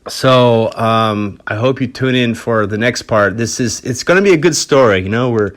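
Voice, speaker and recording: A man hosting a podcast, telling a story in a relaxed, rambling way, swearing freely. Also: mid-range voice, moderate pace. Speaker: podcast host.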